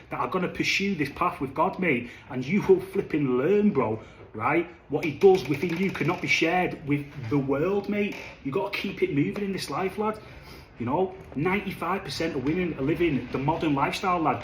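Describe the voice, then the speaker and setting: Young man, animated casual monologue, slightly high voice, echoey room. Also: slight background noise. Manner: chatty, animated, says "lad" and "flipping" a lot. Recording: echoey room, faint ambience.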